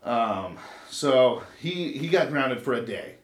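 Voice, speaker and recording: A man's voice: mid-range voice, animated, slow pace. A man in his thirties from Los Angeles, chatting casually as a podcast co-host and telling stories in a rambling, profane way. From Los Angeles, USA. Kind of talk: casual chat. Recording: roomy echo.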